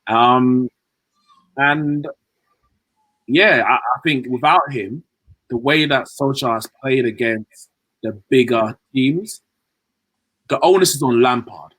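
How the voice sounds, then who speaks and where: A man giving animated, joking football opinions as a podcast co-host. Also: medium pitch, takes it slowly, long pauses, husky, no room sound, rough recording. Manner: animated, joking, uses fillers. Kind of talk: casual chat.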